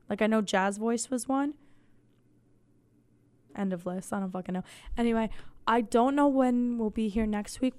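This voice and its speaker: Woman host losing her voice: soft, smooth and fairly high, rambling casual chat with deadpan swearing. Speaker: podcast host.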